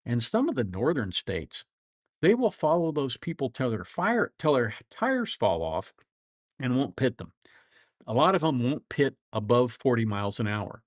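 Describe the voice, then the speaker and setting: Middle aged guy w flat midwestern accent, chatty livestream, laughs a lot, mid pitch voice. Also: normal speed, dry recording, clean studio sound. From grew up all over the world. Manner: rambling, chuckles often, folksy anecdotes. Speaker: lawyer and livestream host. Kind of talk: casual livestream chat.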